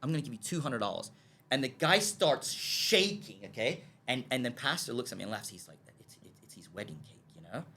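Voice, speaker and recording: Guesting on a podcast, a man tells a long story quickly in a lively, swooping, mid-range voice with a husky quality. He acts out the lines of the people involved, keeps asking "okay?" to make sure his listener follows, and stumbles and repeats words when excited.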